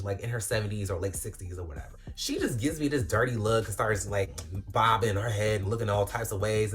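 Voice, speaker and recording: A young woman telling a storytime tale in a dramatic, self-mocking way, swearing freely. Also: extremely low pitch. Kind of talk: casual storytime.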